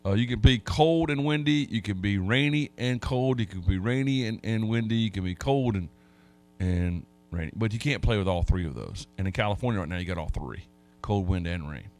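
A man's voice: lowish voice, lively intonation, a little fast, a little mellow. Rambling, folksy male radio host. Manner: rambling, folksy storytelling with many restarts. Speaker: radio sports talk host. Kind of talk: casual sports radio chat.

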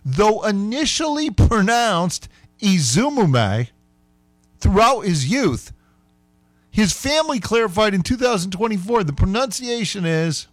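A man hosting a sports radio show, chatting casually and playfully, sometimes slowing right down to sound out words. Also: high voice, big pitch swings, dry recording.

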